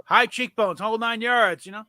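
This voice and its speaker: A man's voice: sits high, fairly even intonation, normal speed, pushed and bright, dry recording. A man hosting a casual chat, rambling and laughing often with many fillers. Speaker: host.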